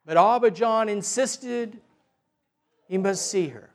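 A man telling a religious story in a slow, deliberate, gentle way. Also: high voice.

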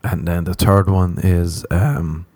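A man's voice: low voice, little pitch movement, takes it slowly, dark tone, no room sound. An Irish man hosting a podcast, rambling through a comic monologue and swearing freely, with a self-mocking manner. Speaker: podcast host.

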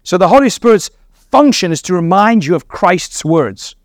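Earnest preacher man, higher voice, dry sound. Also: sing-song, moderate pace, no echo. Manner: earnest teaching with rhetorical questions and occasional laughs. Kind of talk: sermon.

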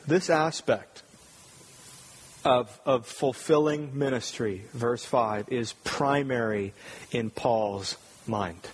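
A man's voice: medium pitch, takes it slowly, a little hiss or hum. A man preaching a sermon as pastor, earnest and emphatic, repeating key phrases for weight. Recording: husky voice with long hall reverb.

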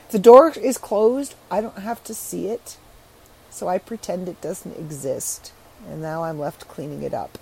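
A middle-aged woman podcaster in casual solo chat, chatty and frank, her voice rough and congested from allergies. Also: fairly low pitch, darkish tone, poor audio.

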